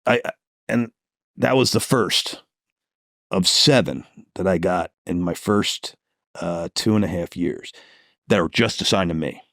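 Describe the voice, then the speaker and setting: Profane, animated detective telling stories. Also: male voice, low voice, unhurried, pauses often, dry recording, clean studio sound. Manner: animated storyteller, acts out heated phone calls, swears freely. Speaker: police detective guest. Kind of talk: storytelling in podcast interview.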